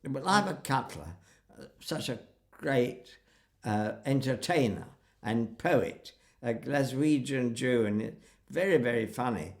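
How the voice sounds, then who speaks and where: An older man being interviewed, reminiscing in an animated storytelling way. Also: mid-range voice, a little slow, gravelly. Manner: animated storyteller acting out quotes. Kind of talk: reminiscing conversation.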